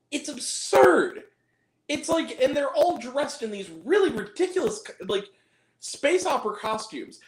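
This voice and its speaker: A man's voice: very high voice, reverberant. A man giving a blunt, exasperated, profane movie review as host of his own channel.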